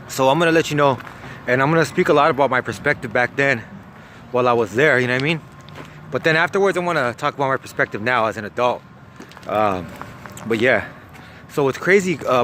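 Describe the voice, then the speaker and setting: A man's voice: mid-range voice, a little hiss or hum. A young man, casually telling a wild story, slangy and profane. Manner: profane, slangy, lively, laughs at his own story.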